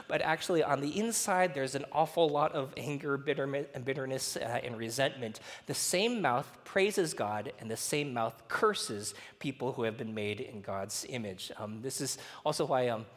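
A man's voice: fairly high pitch, moderate pace. Man preaching in a reverberant hall. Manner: conversational, animated storytelling with laughs. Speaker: pastor. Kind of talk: sermon.

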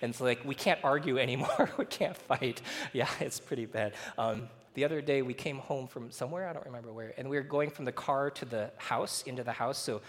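A man preaching a sermon as pastor, talking conversationally and telling lively stories. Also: medium pitch, a little fast, hardly any pauses. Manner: conversational, animated storytelling with laughs. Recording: reverberant hall.

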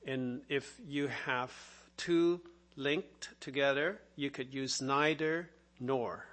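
Slow, deliberate male preacher. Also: mid-range voice, fairly bright tone. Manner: explanatory, slow and deliberate with fillers. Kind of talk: sermon.

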